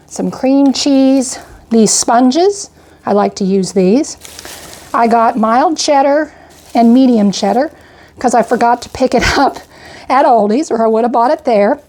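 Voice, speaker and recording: An older woman, a homestead vlogger, chats her way through her grocery haul one item at a time, a little out of breath and peppering it with "I got" and "went ahead." Her voice sits fairly high with a darkish tone, and she talks a little slowly.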